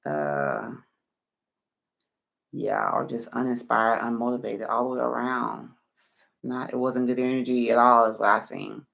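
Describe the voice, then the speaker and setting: This sleepy tarot reader on a late-night stream yawns and meanders through fillers as she takes viewers' questions in turn. She speaks at a measured pace with frequent pauses, in a low, rumbling, gravelly voice that still carries a slight brightness.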